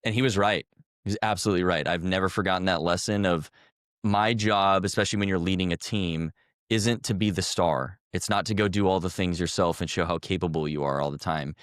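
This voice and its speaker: A man's voice: low-pitched, fairly quick, dry recording, clean studio sound. A man in his thirties, a former army officer, telling an earnest, reflective story as a podcast guest.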